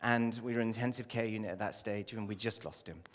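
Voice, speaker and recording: A man preaching a sermon as a pastor, with impassioned delivery that rises to loud pleading and drops low. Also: fairly even intonation, fast. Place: church. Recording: long hall reverb.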